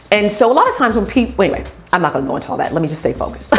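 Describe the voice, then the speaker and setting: Animated lady owner of a beauty brand telling stories, swings her pitch a lot, doing the voices. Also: brisk, faint music behind. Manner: animated, acts out customers' voices. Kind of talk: storytelling vlog.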